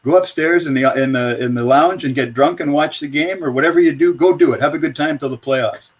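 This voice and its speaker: Brief: man voicing a gruff, loving old-school male hockey coach, lowered and quiet, voice sits a bit high. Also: a little fast. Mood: fond. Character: blunt, affectionate middle-aged male hockey coach.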